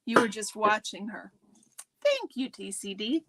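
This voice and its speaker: A woman's voice: mid-range voice, sing-song, a little slow, a bit bright. A woman hosting a casual livestream, chatting and greeting viewers by name. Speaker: livestream host.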